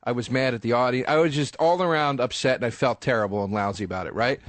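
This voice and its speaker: A man's voice: mid-range voice, fast talker, dry recording. A man comedian telling his side of a story on a radio show, defensive and exasperated. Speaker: comedian guest.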